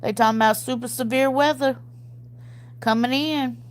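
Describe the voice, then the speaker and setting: A woman's voice: high voice, steady tone, normal speed, a little hiss or hum. A woman with a Southern US accent hosts a casual livestream, chatting with viewers, calling them y'all and laughing often. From Mississippi, US. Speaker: livestream host reading chat. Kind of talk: casual chat.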